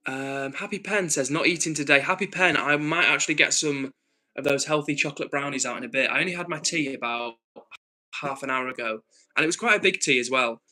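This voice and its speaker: A man hosts a casual livestream, reading his chat aloud and answering it in an earnest, thinking-aloud way. His voice sits a little high and sounds bright and forward. He often pauses with ums and restarts his sentences. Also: rough recording. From north of England. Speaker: livestream host.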